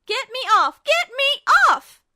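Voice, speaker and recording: A woman's voice: extremely high pitch, sing-song, slow pace, pushed and bright, pitched above the performer's own voice, exaggerated voice. A woman voicing a furious young ninja girl who hollers in rage, in an audiobook. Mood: shrieking rage. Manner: shrieking, hollering. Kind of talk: audiobook character voice.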